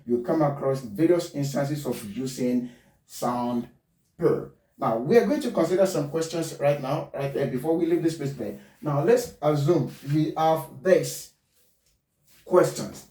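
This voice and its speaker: Male teacher, fairly high mellow voice, deliberate and repetitive, recorded far off in a roomy space. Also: animated. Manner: spells out letters, repeats points deliberately. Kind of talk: pronunciation lesson. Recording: echoey room, far from mic.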